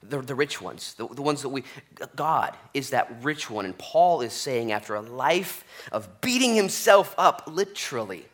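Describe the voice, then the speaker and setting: A man preaching a conversational Bible-study sermon as pastor, animated and jokey, often checking in with "okay?". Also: mid-range voice, normal speed. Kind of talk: expository sermon.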